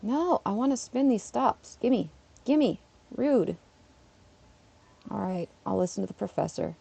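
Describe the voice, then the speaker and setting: Chatty woman with gravelly fry. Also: mid-range voice, animated, unhurried, long pauses, warm tone, muffled recording. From Canada. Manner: chatty, laughs often, talks back to chat. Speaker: streamer and schoolteacher. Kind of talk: casual live-stream chat while playing.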